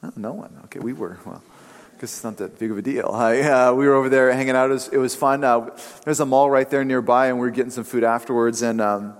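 A man's voice: medium pitch, fairly even intonation, quick pace. Man preaching in a reverberant hall. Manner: conversational preaching with storytelling and fillers. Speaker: pastor. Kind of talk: sermon.

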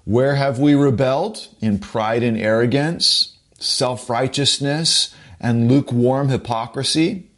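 A man's voice: mid-range voice, slow pace, hardly any pauses. Fields: Sex: male. Role: preacher. Style: sermon. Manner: emphatic, urgent, repetitive.

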